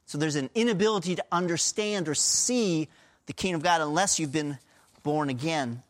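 A man's voice: fairly high pitch, moderate pace. A middle-aged man from Pennsylvania preaching a sermon as a pastor, in an earnest, emphatic and conversational way. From Pennsylvania, USA.

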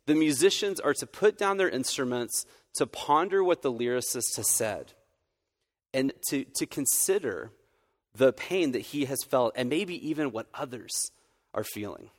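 A man's voice: medium pitch, lively intonation, unhurried. A man, a campus minister, giving a sermon in an earnest, conversational way with frequent restarts. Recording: long reverb of a hall.

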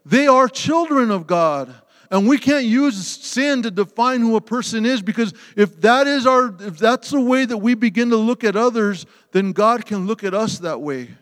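Male preacher, high voice, impassioned sermon delivery, echoing sanctuary. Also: expressive, normal speed. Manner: impassioned, swings from loud emphasis to hushed tenderness. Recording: long hall reverb.

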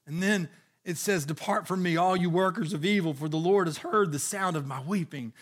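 A man's voice: high-pitched, normal speed, husky. A man preaching a sermon, earnestly reading scripture aloud with frequent restarts. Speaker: pastor.

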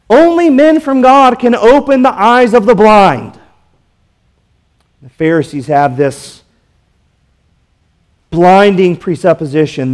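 A man with a high-pitched voice preaching a verse-by-verse sermon. He leans on rhetorical questions and delivers his points with dramatic emphasis. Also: a little mellow. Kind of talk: expository sermon.

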